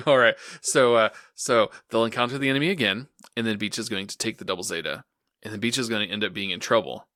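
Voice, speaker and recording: A man's voice: lowish voice, quick pace, bright, forceful tone, no echo, studio quality. A man co-hosting a casual anime podcast, laid-back and chuckling as he retells the plot. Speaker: podcast co-host. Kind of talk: casual anime recap chat.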